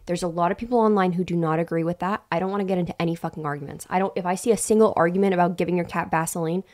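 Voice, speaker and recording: A woman co-hosting a casual podcast, talking in an animated way. She swears freely, pushes her stories into comic exaggeration and defends herself loudly when teased. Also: lowish voice, rapid-fire. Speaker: podcast co-host. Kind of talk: casual chat.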